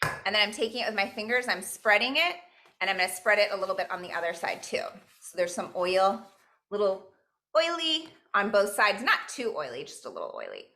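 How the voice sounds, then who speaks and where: A woman leads a virtual cooking class from her home kitchen over a video call, speaking in a bright, clear voice. She stays upbeat and encouraging, counting steps aloud and mixing Spanish phrases into her instructions. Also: mid-range voice, big pitch swings, a little fast, slight background noise.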